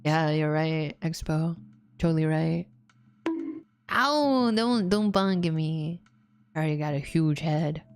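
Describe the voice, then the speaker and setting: A woman's voice: deep voice, expressive, takes it slowly, long pauses, darkish tone, smooth. A woman streamer giving playful, giggly gameplay commentary and reading game dialogue aloud. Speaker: VTuber streamer.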